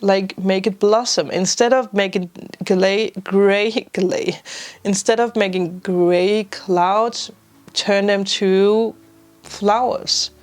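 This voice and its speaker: Speaking slowly in a steady, medium-pitched voice, a woman reads tarot for her audience with gentle reassurance. She's teary and emotional, at times laughing as she cries through the spiritual reading.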